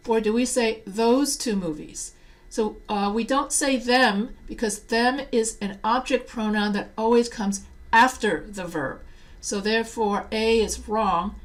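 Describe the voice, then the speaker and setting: A woman writing teacher giving a quiz prep lecture, slowing down to read example sentences aloud. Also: a little high.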